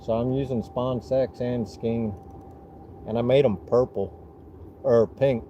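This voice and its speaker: A man with a Southern US accent talks slowly and loosely, restarting his sentences as he explains things to viewers on a live stream. His voice is dark and mellow. The audio is dull and lo-fi, with a faint hum underneath. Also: mid-range voice. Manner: relaxed, rambling explanations with restarts. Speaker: fishing livestream host. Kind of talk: casual livestream chat.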